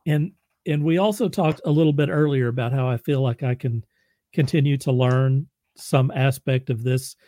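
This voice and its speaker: A man's voice: medium pitch, moderate pace, mellow, no echo. A man hosting an interview, curious and affirming, often stammering through restarts. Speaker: interview host. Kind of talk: casual interview.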